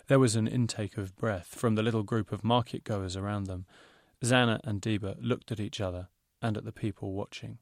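A man, an author reading his own children's novel aloud in steady storytelling narration. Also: lowish voice, a little fast, vocal fry, no room sound, clean studio sound.

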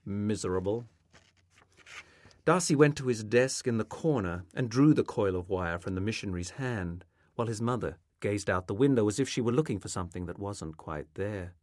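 Male author reading his own fiction: low voice, lively pitch, dry close-miked sound. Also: brisk, no room sound. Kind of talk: reading a literary novel aloud.

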